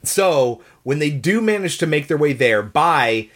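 A podcast co-host talking in a measured, explanatory way during a casual film discussion. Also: medium pitch, expressive.

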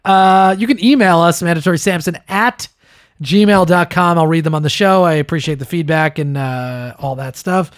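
A man's voice: a little high, moderate pace, dry recording, clean studio sound. A man hosting a podcast, chatting casually and telling jokey stories with his co-host. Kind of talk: casual chat.

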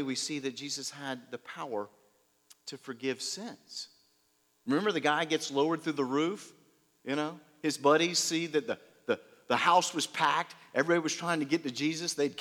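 Male pastor, slightly high voice, lively storyteller, long hall reverb. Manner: lively storytelling, shifts loud and soft, laughs. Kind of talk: sermon.

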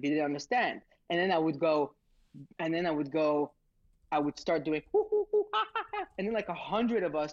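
A man hosting audio rooms, telling stories in a rambling, excitable way and acting out sounds. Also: fairly high pitch, no echo. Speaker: host of social audio rooms. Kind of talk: casual storytelling answer. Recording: dull, dry audio.

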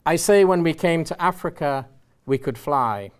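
A man's voice: fairly high pitch, animated, normal speed, smooth, pitched above the performer's own voice, close to an everyday voice. A man with an Irish accent reading out the words of an insistent old grandfather storyteller, in a raised, emphatic voice.

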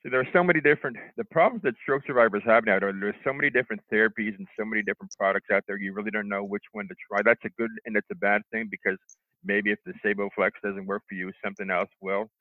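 A middle-aged man telling how he recovered from a stroke, halting, with lots of restarts and fillers. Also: fairly low pitch, fairly even intonation, dry recording. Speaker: stroke survivor interviewee. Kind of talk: telling his own recovery story. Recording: tinny phone line, dry.

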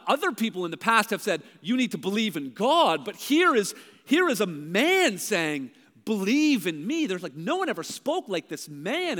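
High-pitched guy preaching, super animated, loud then hushed, long echo like a big hall. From Canada. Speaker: pastor. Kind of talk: sermon.

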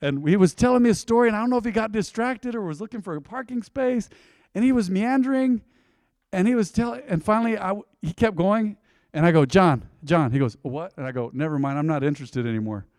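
A man preaching a sermon in a lively, storytelling way, often asking the congregation to repeat his words back to him. His voice sits a little higher than most men's, and it was recorded close and dry with no room echo. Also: fairly quick. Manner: animated, storytelling with congregation call-and-response. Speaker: pastor.

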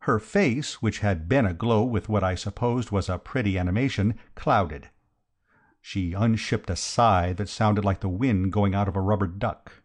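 A man's voice: fairly low pitch, unhurried. A man narrating a comic novel in the first person, with a dry, wry, conversational delivery. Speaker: audiobook narrator.

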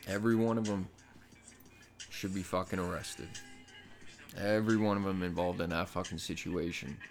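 A man's voice: low voice, steady tone, moderate pace, soft background music. A man vlogging a casual commentary rant, heated and exasperated, swearing constantly.

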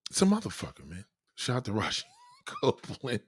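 Animated husky man riffing on stream. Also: on the low side, brisk, dry recording, clean studio sound. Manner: loud, animated riffing, acts out quoted voices. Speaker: livestream host. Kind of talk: casual livestream chat.

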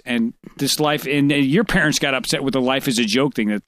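A man's voice: mid-range voice, brisk, fairly bright tone, no room sound. A man, a guest, chatting casually, tripping over and repeating his words as he laughs. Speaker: guest musician. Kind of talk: casual chat.

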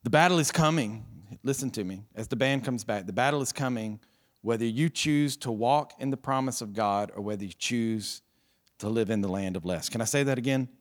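A man's voice: medium pitch, brisk. A middle-aged man preaching an earnest, impassioned sermon as pastor, repeating his phrases for emphasis. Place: church service. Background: soft music from the band.

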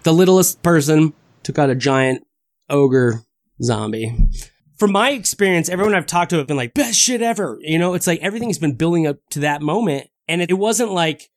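A man co-hosting a casual chat, excitable and profane, acting out quotes with big jumps in pitch. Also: moderate pace, faint music behind. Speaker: podcast co-host.

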